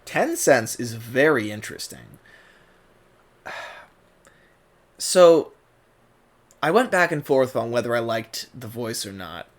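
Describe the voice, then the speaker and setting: A man giving a casual, rambling commentary, full of fillers and quick character impressions. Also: mid-range voice, very animated. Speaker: online video maker reviewing a cartoon dub.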